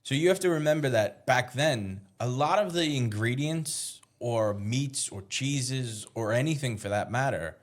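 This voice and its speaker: A man's voice: mid-range voice, lively intonation, measured pace, few pauses. A man, a chef guest in a casual interview, explaining things as he thinks aloud, with small restarts along the way.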